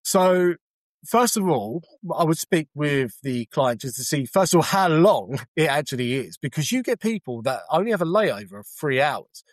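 Male tour guide, chatty and polite, fairly high pitch, dry. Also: sing-song, normal speed, dry recording. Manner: polite, chatty, explains with examples. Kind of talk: casual interview answers.

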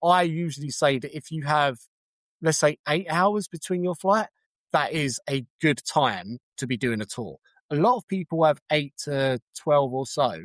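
A man's voice: on the high side, expressive, normal speed, a bit bright, no room sound. A man who works as a tour guide, answering interview questions in a polite, chatty way and explaining with examples.

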